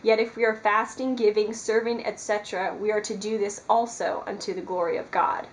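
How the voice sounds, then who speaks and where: A woman's voice: mid-range voice, level tone, brisk, rough recording. A woman talking earnestly to her camera in a casual devotional vlog, rambling with many fillers. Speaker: Christian vlogger. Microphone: camera mic.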